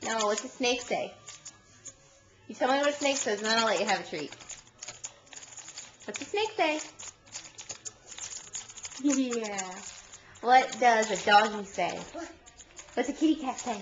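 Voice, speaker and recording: A woman's voice: fairly high pitch, expressive, measured pace, pauses often, a little hiss or hum. A mother in a casual home video, playfully teasing and coaxing her toddler with sing-song questions. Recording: dull lo-fi home video recording.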